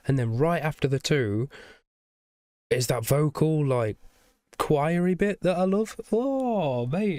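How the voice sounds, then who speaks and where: This music reaction YouTuber is a young man whose medium-pitched, darkish voice comes through nasal and stuffed up from the flu, with no room sound. Rambling and excited, he chats casually, swears, and keeps asking "you know what I mean?".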